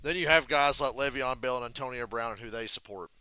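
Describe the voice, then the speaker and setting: A man with a very bright, sharp voice, riffing through a live reaction to a football game. He talks bluntly and crudely and jokes freely, in a casual streamer's way. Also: mid-range voice, brisk, clear, resonant tone, dry recording, poor audio.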